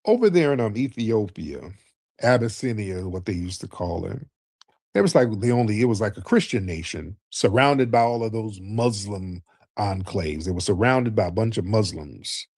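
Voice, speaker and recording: A man's voice: lowish voice, lively intonation, moderate pace, a little mellow, dry recording. Combative male talk-show host, dry sound. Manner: combative and mocking, keeps saying "sir"; lectures at length in a storytelling way. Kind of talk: live call-in show commentary.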